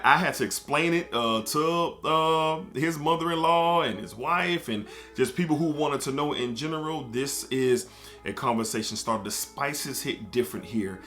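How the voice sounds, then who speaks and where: A man reviewing fragrances in a relaxed, storytelling way, with frequent fillers. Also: medium pitch. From United States. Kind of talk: casual review talk to camera.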